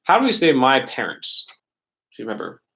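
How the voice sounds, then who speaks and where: A man's voice: mid-range voice, very animated, brisk, a bit bright. A man teaching a Spanish class over a webcast, in a casual, chatty way, often checking in with his students. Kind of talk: remote classroom lesson.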